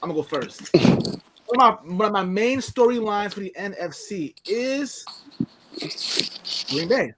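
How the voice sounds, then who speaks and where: A man's voice: high-pitched, expressive, measured pace, pauses often, very noisy. A man hosting a casual sports panel, steering the rundown in an upbeat, easygoing way. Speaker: host.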